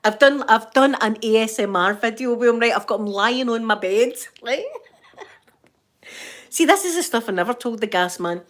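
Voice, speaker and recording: A woman's voice: a little high, expressive, moderate pace, fairly bright tone. An older woman with a Scottish accent chatting casually to her viewers at home. She rambles through stories with frequent laughter and fond asides. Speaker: vlogger. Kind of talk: casual chat to camera.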